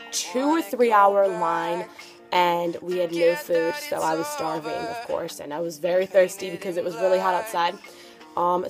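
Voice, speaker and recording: A teenage girl telling a story on her vlog in an excitable, gushing way, full of "like" fillers. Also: lowish voice. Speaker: vlogger. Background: background music.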